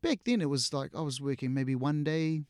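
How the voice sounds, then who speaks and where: In a clean, echo-free studio recording, a middle-aged actor from New Zealand chats as an interview guest. His fairly high, smooth voice moves briskly as he tells casual anecdotes, acts out quotes and laughs frequently.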